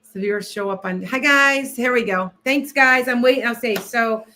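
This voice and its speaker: A woman hosts a casual livestream as a tarot reader, rambling, distracted and restarting often while she sets up and chats with viewers. Her voice is fairly high, bright and forceful, at a normal speed.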